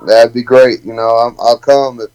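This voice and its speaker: A laid-back man speaks in a smooth, resonant voice at a middle pitch. He jokes easily and drops "man" into his sentences as a guest in a casual interview. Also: level tone, normal speed, a little mellow, rough recording. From Alabama, USA. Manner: laid-back, joking, says "man" often. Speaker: professional fighter, guest.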